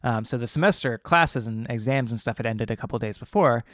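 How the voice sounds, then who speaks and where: A man's voice: mid-range voice, brisk, a bit bright, dry recording, studio quality. A young adult man casually telling a personal story, rambling and earnest, with many fillers and restarts.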